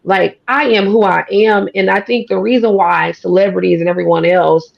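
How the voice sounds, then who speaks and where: Woman with a country twang, gravelly. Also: medium pitch, fairly even intonation, moderate pace, lo-fi sound. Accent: American country twang. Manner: folksy, emphatic, talks with a drawl. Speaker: guest. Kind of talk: casual conversation. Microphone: studio or podcast mic.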